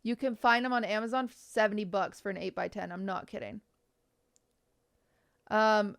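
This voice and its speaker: A woman's voice: mid-range voice, moderate pace, creaky, pauses often, no echo, studio quality. A young woman streaming live, chatting casually and giving frank, blunt design advice, sometimes swearing for emphasis. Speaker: streamer reviewing viewers' bedrooms.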